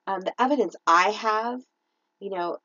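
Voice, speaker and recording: A woman's voice: mid-range voice, moderate pace, sharp tone, no room sound, muffled recording. A woman co-hosting a podcast, talking earnestly and reflectively in a casual faith chat, with frequent restarts. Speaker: podcast co-host.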